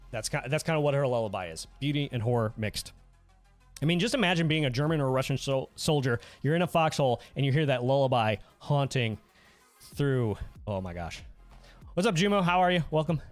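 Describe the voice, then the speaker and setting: A man hosts a casual livestream from a desk mic at home, goofy and quick to laugh as he answers his viewers. His pitch swings widely from line to line. Soft music plays faintly behind him. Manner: goofy, animated, reads chat aloud and laughs often. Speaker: livestream host.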